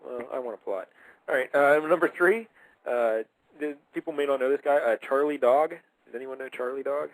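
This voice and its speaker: A young man hosting a casual talk show, rattling off his thoughts at a quick clip. He rambles and jumps from point to point with easy enthusiasm. His voice sits close and dry, with no room behind it. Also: medium pitch, dry recording, poor audio. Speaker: radio show host. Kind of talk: casual chat.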